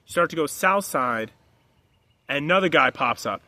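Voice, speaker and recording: A man's voice: a little high, lively intonation, normal speed, bright, forceful tone, no room sound. A man coaching his listeners through a long spoken story, acting out the people in it with raised, pleading voices and talking bluntly. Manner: blunt, direct, swears. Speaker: life coach. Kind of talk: motivational monologue told as a story.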